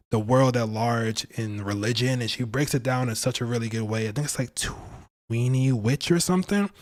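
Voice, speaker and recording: Male tarot streamer, mid-range voice, loose and slangy, jokes and laughs between points. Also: mid-range voice. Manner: playful, slangy, laughs often. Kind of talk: casual livestream tarot talk.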